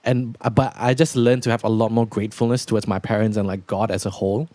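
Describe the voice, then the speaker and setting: A young man hosting a podcast, talking in a relaxed, rambling way with lots of fillers. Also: lowish voice, quick pace, no echo. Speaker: podcast host. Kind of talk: casual podcast chat.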